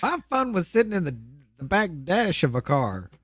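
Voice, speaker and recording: A man in casual podcast chat, relaxed and wry, teasing the others. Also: high voice, moderate pace, dry recording.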